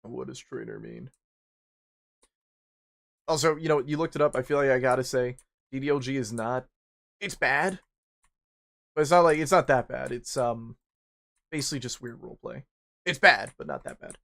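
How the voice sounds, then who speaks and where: A young man streaming a game rambles through a personal story in casual chat, swearing freely. When he acts out panic he jumps into high, squeaky bursts. His voice is gravelly and a bit bright, at normal speed with frequent pauses.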